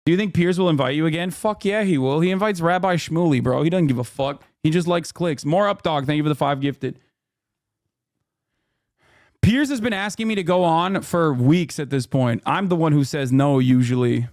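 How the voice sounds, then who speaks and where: A man streaming, reacting to his own TV clip in crude, animated casual commentary. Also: on the high side, moderate pace, no room sound, clean studio sound. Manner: profane, animated, laughing at himself.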